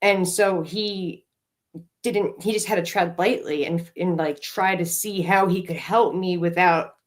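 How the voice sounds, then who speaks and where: A woman's voice: on the low side, steady tone, unhurried. A middle-aged woman co-hosting a podcast, telling a candid, emotional recovery story with plenty of swearing and filler words. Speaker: podcast co-host.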